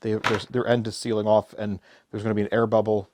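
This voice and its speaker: A man's voice: on the low side, level tone, fast, a little mellow, no room sound, clean studio sound. A middle-aged man giving a casual, chatty flower-arranging tutorial as a florist, joking as he works. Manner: chatty, jokey, self-deprecating. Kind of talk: casual floral design tutorial.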